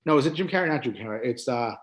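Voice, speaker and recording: A man's voice: medium pitch, expressive, rapid-fire. A man co-hosting a casual sports podcast, rambling through his points with lots of "like" and "uh" and telling stories as he goes. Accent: New Jersey. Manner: rambling, full of fillers like "like" and "uh", laughs easily. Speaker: podcast co-host.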